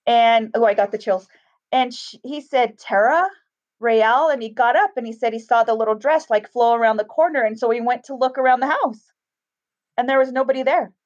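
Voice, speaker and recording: On a muffled, low-fidelity recording, a middle-aged woman brisk in pace and high-ish in pitch tells a ghost story as a guest. Her delivery is casual and animated, with the people's voices acted out.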